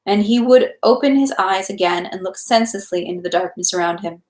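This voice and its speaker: A woman reading a novel aloud at home, in a measured, unhurried way. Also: medium pitch. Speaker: audiobook reader. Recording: echoey room.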